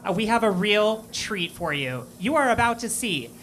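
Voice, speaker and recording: A woman's voice: mid-range voice, sing-song, moderate pace, a bit bright, a little hiss or hum. A woman hosting a live comedy night, introducing the next comic in an upbeat way. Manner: upbeat hype. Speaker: show host introducing comic. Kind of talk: stage introduction. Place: small cafe stage, live audience.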